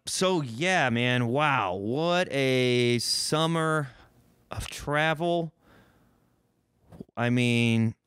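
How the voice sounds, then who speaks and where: A man's voice: mid-range voice, fairly bright tone, clear, resonant tone, no echo, studio quality. A man from Missouri hosting a solo podcast, rambling and joking with a profane, self-mocking streak. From Missouri, United States. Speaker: podcast host.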